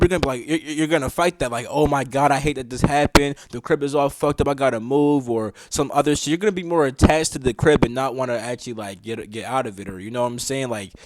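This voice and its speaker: A young man talks quickly in a fairly high voice about spiritual matters. He is loose and slangy, swears freely and keeps checking in with his listener. The sound is close and dry, with no room in it. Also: no room sound, rough recording. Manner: slangy and swearing, keeps asking "you know what I'm saying". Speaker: spiritual teacher. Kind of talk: casual spiritual talk to camera.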